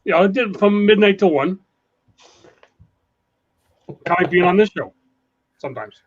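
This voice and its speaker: A man talking very fast and rambling as a guest in a casual call-in chat. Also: high voice, husky, muffled recording.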